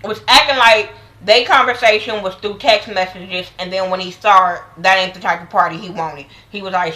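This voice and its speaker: A woman with a bright, forceful voice talks through a reality show episode in a loose, casual recap. She is blunt and opinionated, with a lot of slang and profanity, and she speaks at a moderate pitch. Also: moderate pace, rough recording. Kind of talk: casual episode review commentary.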